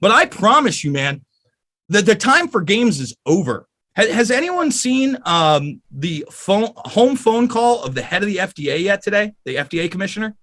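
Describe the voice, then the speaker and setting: Casting: high, very animated male voice, furious and swearing, podcast guest rant. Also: moderate pace. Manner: angry, profane, emphatic.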